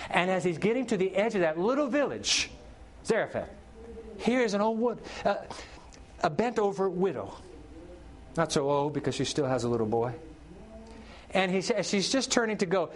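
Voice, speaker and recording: A middle-aged pastor preaching a sermon, telling the story with animated delivery and acting out characters' lines. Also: male voice, sits high, brisk.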